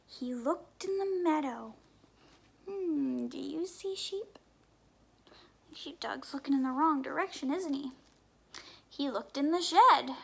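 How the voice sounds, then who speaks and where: Slow gentle woman reading to children. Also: high-pitched, creaky. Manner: gentle questions to young listeners, often dropping to a whisper. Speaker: story time reader. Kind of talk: reading a picture book aloud to children.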